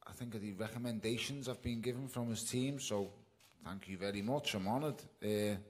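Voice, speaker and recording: A man's voice: on the low side, normal speed. Blunt, plain-spoken boxer, a man. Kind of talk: press conference answers. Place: press conference.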